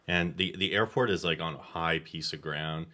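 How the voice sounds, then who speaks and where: A man's voice: low-pitched, moderate pace, bright, forceful tone. A man telling a story in casual podcast chat, swearing freely and getting worked up. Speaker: podcast guest.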